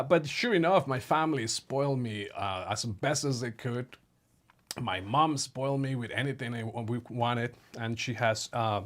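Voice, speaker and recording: A middle-aged man from Mexico telling a personal story to his viewers in a casual, chatty way, calling them his friends and filling pauses with "uh" and "you know.". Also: lowish voice, a bit bright. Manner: chatty, addresses viewers as friends, many fillers. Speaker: vlogger.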